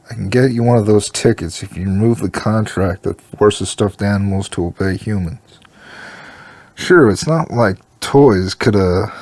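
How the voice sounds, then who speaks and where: A man's voice: on the low side, darkish tone, husky, no room sound. A man reading a story aloud, giving every part in his own plain voice. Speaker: story reader.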